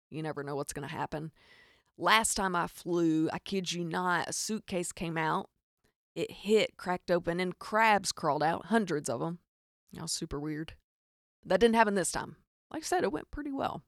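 A woman with a Southern Arkansas accent tells a comic story in a low, gravelly voice. She talks in animated, exasperated bursts with wry asides. The sound is dry and close, with no room around it. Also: normal speed, dry recording. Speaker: podcast host. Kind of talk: comedic storytelling monologue.

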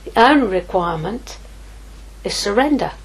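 Husky woman preaching a sermon. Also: mid-range voice, moderate pace, poor audio. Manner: lively, swings from hushed asides to exclaiming. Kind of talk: sermon teaching.

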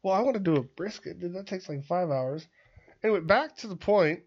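A man's voice: high-pitched, lively intonation, brisk. A man co-hosting a casual podcast, talking in a laid-back, joking way. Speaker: podcast co-host. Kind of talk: casual chat. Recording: dull lo-fi sound.

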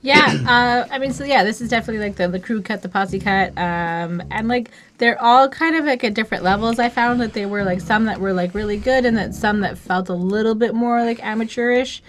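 A woman's voice: fairly high pitch, fairly quick, few pauses, a little hiss or hum. A woman co-hosting a casual music podcast, talking hesitantly with many fillers. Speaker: podcast co-host. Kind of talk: casual chat.

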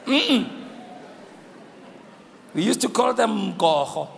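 South African bishop, very lively swooping delivery, fervent repeated calls, long hall reverb. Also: male voice, sits high, slow, vocal fry, noisy background. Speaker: bishop preaching. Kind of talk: live sermon. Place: large church hall.

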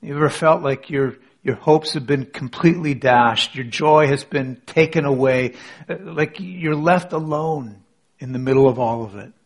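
Man, pastor, sermon, husky, dramatic hushes. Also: mid-range voice, moderate pace. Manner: dramatic, drops to near whisper for emphasis. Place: church with online audience.

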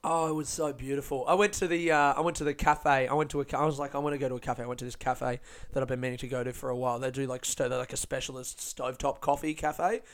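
A man hosting a podcast, telling stories in an animated, sweary way and laughing often. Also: mid-range voice, fast talker. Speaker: podcast host and stand-up comedian. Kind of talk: casual podcast monologue.

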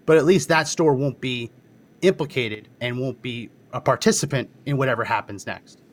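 A man in casual podcast talk, his voice sitting in an ordinary middle pitch. He argues his points steadily and drops in frequent short agreements while his co-host speaks. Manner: argumentative, quick to agree with short yeahs.

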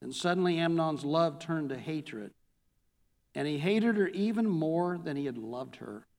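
Male pastor, slightly high voice, sermon reading in a church with long echo. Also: animated. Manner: reads scripture aloud, then reviews it slowly. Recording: long hall reverb.

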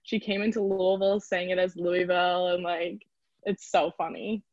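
A young woman from the Chicago area talks casually as an interview guest, chatty and full of "like". Her voice sits a little low. The sound is dry and a bit dull. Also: fairly even intonation, normal speed, no room sound. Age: young adult. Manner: chatty, lots of "like" fillers. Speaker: interview guest, college rower.

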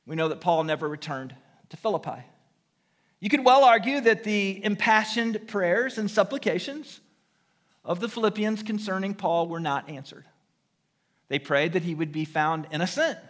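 A man's voice: high voice, a bit bright. A man preaching a sermon, earnest and repeating his key phrases for emphasis. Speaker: pastor. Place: church sanctuary.

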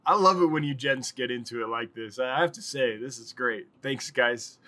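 A man's voice: mid-range voice, normal speed, bright, forceful tone. A man hosting a casual live stream, rambling and chatting with viewers and laughing often.

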